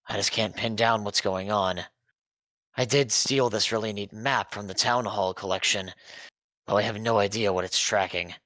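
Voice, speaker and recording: Low-voiced young man reading aloud. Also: pushed and bright, dry recording, low-quality recording. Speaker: player. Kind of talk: reading a letter aloud in a tabletop game.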